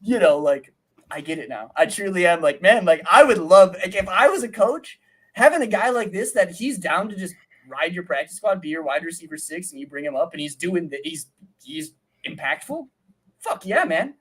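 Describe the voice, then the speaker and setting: A young man co-hosting a sports podcast, breaking down game film in excitable casual chat, with lots of "like" fillers and casual swearing. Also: high voice, moderate pace, slightly rough. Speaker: podcast co-host and film analyst.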